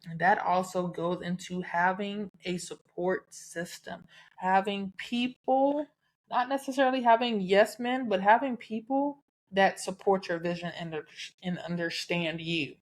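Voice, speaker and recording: A woman with a Southern accent talks straight to her listeners on her own podcast. She is candid and chatty, drops the odd curse word and laughs easily. Her voice sits in a middle pitch. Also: measured pace. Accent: Southern American. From American South. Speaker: podcast host. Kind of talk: casual solo podcast talk.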